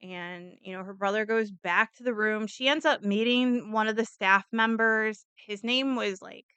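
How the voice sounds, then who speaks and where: A woman's voice: mid-range voice, normal speed, pushed and bright, clear, resonant tone, dry recording. A woman casually recapping a true crime case, rambling and chatty with lots of fillers and restarts.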